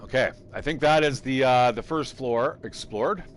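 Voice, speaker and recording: A man's voice: medium pitch, normal speed, a little hiss or hum. A man casually commentating his game live, rambling, thinking aloud and swearing freely. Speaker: game streamer.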